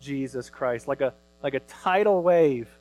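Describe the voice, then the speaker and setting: A man in his thirties preaching a sermon as pastor, earnest, rising loud when he reads scripture. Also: medium pitch, lively intonation, measured pace, rough recording.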